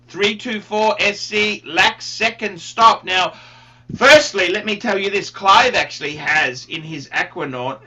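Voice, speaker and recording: A man hosting a casual livestream chat, excitable and given to loud bursts. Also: sits high, muffled recording. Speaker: livestream host.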